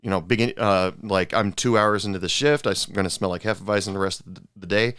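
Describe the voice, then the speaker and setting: A man hosting a podcast, telling restaurant stories in a relaxed, halting way. His voice is lowish and smooth. The sound is dry and close to the mic. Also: no echo. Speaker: podcast host. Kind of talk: casual chat.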